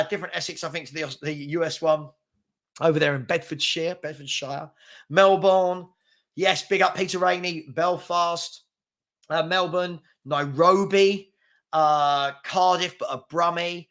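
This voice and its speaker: Young London man, live-stream host, fast and chatty, bright forward tone. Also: fairly high pitch. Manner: fast-talking, chatty, reads out names and places. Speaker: football chat host. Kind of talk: live-stream casual chat reading viewer comments.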